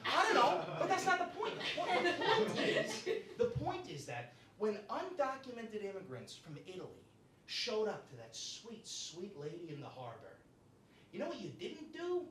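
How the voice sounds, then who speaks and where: A man's voice: high-pitched, wildly swooping pitch, normal speed, background noise. A man performing a live stand-up set in a comedy club, brash and profane, tagging his lines with "right?" and "you know?". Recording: echoey club room from far off.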